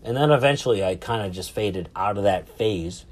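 A man in his thirties with a fairly low voice, telling a story in a loose, chatty way. He swears a lot, restarts his sentences and piles on fillers as he goes. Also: normal speed. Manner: profane, rambling, full of fillers and restarts. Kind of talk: casual anecdotal storytelling.

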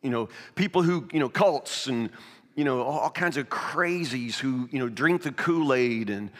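A man's voice: medium pitch, expressive, moderate pace, a bit bright. A man preaching a sermon, first reading scripture aloud, then telling a children's fable in a loose, repetitive way. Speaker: pastor. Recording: long reverb of a hall.

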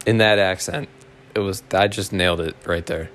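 A man with a lowish voice tells a story the way a podcast host does. He wanders off on tangents, swears freely and makes fun of himself. It sounds loose and unscripted. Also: brisk, hardly any pauses, a bit bright, a little hiss or hum. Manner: rambling, profane, self-mocking. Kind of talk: casual storytelling monologue.

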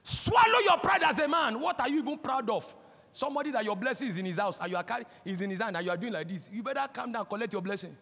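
A man in his forties with a Nigerian accent, preaching a sermon as a pastor, impassioned and breaking into shouts. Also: sits high, very fast, gravelly. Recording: long hall reverb.

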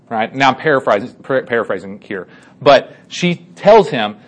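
A man casually retelling a Bible story to a group as their teacher, animated and chatty, with many fillers and asides. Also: medium pitch, moderate pace.

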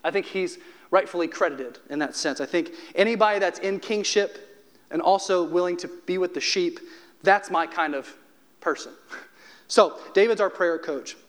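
A pastor preaches a sermon in a conversational, humorous style, slowing down to stress key phrases. His voice sits high and is a bit bright.

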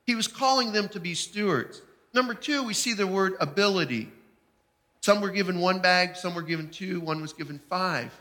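A man with a high, bright voice preaches a sermon, telling his story with emphatic feeling. His voice carries a long reverb, as if in a large hall.

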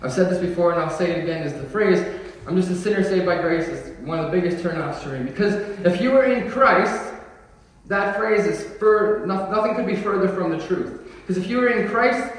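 A man's voice: high-pitched, a little fast. A young adult man preaching a sermon in a casual, joking way that builds to emphatic declarations. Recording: echoey hall, voice from far off.

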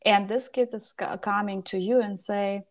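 Hesitant woman, mid-pitched, many fillers. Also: fairly even intonation, moderate pace. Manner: hesitant, many fillers, non-native English phrasing. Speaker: podcast co-host, mother. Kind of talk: casual conversation.

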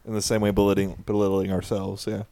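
A man's voice: on the low side, completely flat delivery, fast, dark tone, no room sound. A man co-hosting a podcast, chatting casually and riffing with sarcastic jokes. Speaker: podcast co-host. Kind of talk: casual chat.

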